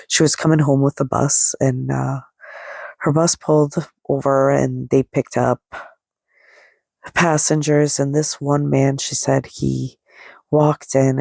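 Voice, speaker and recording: A middle-aged woman telling stories on her own podcast in a loose, rambling way, with "like" dropped in everywhere. Her voice has a gravelly, fry-laced edge. The sound is dry and close, with no room around it. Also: a bass voice, mellow, no room sound. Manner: rambling and chatty, full of "like" and fillers; laughs lightly at herself. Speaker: podcast host. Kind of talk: casual solo podcast storytelling.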